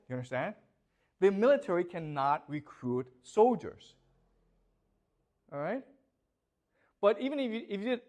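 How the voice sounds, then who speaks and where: A male professor giving a classroom lecture, emphatic and questioning, who keeps checking in with the class. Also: high-pitched.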